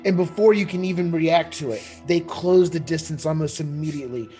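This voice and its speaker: A man narrating a tabletop horror game as game master, animated and full of fillers and restarts. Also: fairly high pitch, fairly quick, faint music behind.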